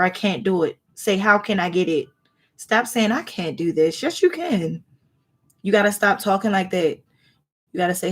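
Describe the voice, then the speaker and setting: A woman's voice: medium pitch, creaky. A woman tarot reader gives blunt, heartfelt advice in a live reading. Her talk is colloquial and preachy, and she acts out little scenes as she goes.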